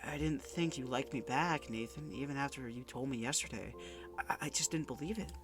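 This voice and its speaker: A sad, self-loathing teenage girl speaks in soft, faltering phrases, read aloud by a man in his own middle-pitched voice. Clear music plays under the game dialogue. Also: lightly acted. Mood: sad, hesitant. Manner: soft, hesitant, halting. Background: background music.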